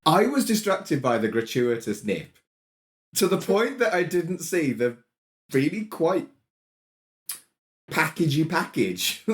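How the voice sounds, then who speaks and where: A man's voice: fairly high pitch, big pitch swings, slow. A man co-hosting a podcast in casual chat, laughing often and swearing freely. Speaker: podcast co-host.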